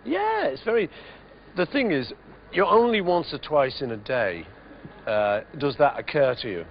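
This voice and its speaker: A man in his fifties answering interview questions in a relaxed, rambling way, with lots of "you know"s. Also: on the high side, measured pace, gravelly, slight background noise. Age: 50s. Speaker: interviewee musician. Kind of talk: reflective interview chat. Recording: dull lo-fi TV interview audio.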